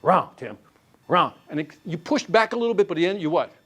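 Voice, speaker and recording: A man leading a live sales training class, quizzing the room with quick questions and answers. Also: high-pitched. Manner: animated, quizzing the class with call-and-response questions.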